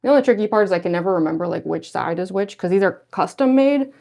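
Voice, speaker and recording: A woman's voice: mid-range voice, expressive, quick pace, creaky, mellow. Chatty woman with a slight lisp. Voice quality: slight lisp from costume fangs. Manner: rambling, filler-heavy, self-deprecating. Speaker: cosplayer livestreaming her costume prep. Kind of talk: casual livestream chat.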